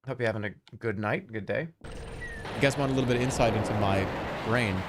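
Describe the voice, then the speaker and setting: A man in his thirties chatting casually with his live chat, animated and jokey, swinging between loud outbursts and low mutters. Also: a little fast, very noisy. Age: 30s. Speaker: livestreamer.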